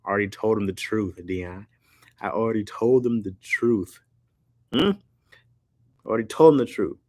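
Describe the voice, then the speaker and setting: Deep voiced guy on a live stream, slangy and jokey, chatting back to the comments. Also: moderate pace, a little mellow, no echo, clean studio sound. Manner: loose and joking, slangy, often laughing. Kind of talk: casual live-stream chat, reacting to viewer comments.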